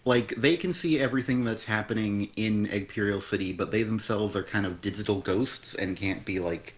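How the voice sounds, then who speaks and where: A man with a fairly low voice picks apart a comic on a live stream. He talks casually but bluntly, and his exasperation spills over into profanity. His criticism comes across as sharp and unimpressed. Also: moderate pace. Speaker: comic review stream co-host.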